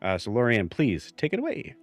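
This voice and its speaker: His medium-pitched voice swoops wildly as he talks briskly, with no echo and faint music behind him. He's the game master and host of a live tabletop stream, giving rambling, filler-heavy announcements before play begins.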